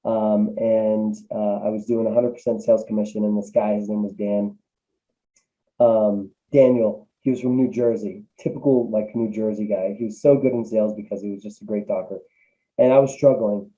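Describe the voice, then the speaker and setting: A man's voice: fairly low pitch, fairly even intonation, moderate pace, mellow, muffled recording. A man, a business coach guest, talking casually with many fillers and restarts over a remote call. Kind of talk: casual interview answers.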